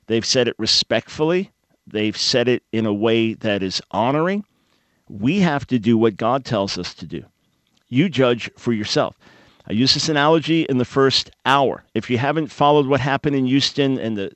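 A man's voice: medium pitch, no echo. A male talk radio host speaks into a studio microphone in a plainly teaching, emphatic manner. He builds his points with simple everyday analogies. The sound is close and dry, with no room around it. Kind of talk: call-in talk radio monologue.

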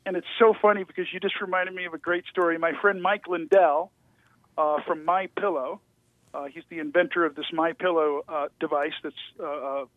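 Guest man on a phone line: higher voice, stammers and restarts, dry and tinny. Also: a little fast, dry recording. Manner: stammering restarts, animated storytelling. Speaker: guest actor. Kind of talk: casual interview chat.

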